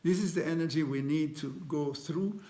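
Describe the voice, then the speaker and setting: A man leading a guided meditation, speaking gently with many pauses, fillers and restarts, in slightly non-native phrasing. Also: a little high. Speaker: meditation teacher.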